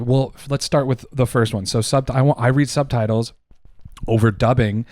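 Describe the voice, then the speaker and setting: A man's voice: medium pitch, darkish tone, dry recording, studio quality. A man co-hosting a casual podcast, arguing heatedly and emphatically, with lots of swearing. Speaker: podcast co-host.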